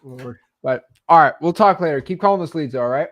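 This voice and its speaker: A man in his twenties, a coach hosting a live call, relaxed and teasing, with plenty of fillers. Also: on the high side, brisk, dull audio. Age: 20s. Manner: laid-back, teasing, with many fillers.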